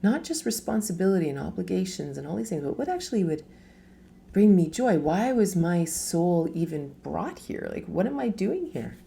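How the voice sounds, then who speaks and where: A woman's voice: fairly low pitch, big pitch swings, normal speed, vocal fry, warm tone. A middle-aged woman giving a casual live talk as a spiritual teacher, chatty, laughing often and asking rhetorical questions.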